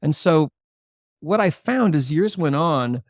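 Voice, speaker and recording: An older man, a holistic chiropractor, explaining his work and telling a patient story in a podcast interview with a measured, earnest delivery. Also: fairly high pitch, expressive, no room sound, clean studio sound. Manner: earnest, measured explainer who slows for emphasis.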